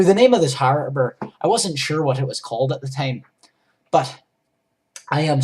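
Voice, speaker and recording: Husky rambling doodle-story narrator. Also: male voice, mid-range voice. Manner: rambling, goofy, self-interrupting while drawing. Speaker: storyteller and drawer.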